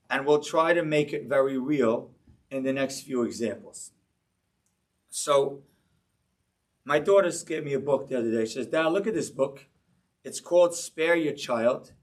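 A man giving a sermon-style Torah class, telling stories with animated delivery and acting out voices in them. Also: mid-range voice, far from the mic. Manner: animated storyteller, acting out a child's voice. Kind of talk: sermon with storytelling.

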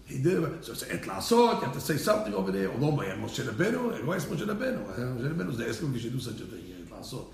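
A man teaching a Torah class in an animated way, mixing Hebrew terms into English and repeating his phrases. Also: medium pitch, fast talker, gravelly, few pauses, roomy sound.

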